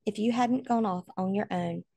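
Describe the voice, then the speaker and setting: A woman's voice: mid-range voice, creaky, no room sound. Woman voicing a weak, trembling trapped father. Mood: gentle, resigned. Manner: quiet, weak, trembling, slow.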